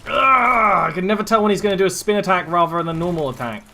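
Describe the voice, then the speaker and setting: A man's voice: sits high, fast, sharp tone, slight background noise. A man with an English accent giving casual, rambling live commentary while playing a game and chatting with viewers. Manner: rambling, chatty asides to chat. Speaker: streamer.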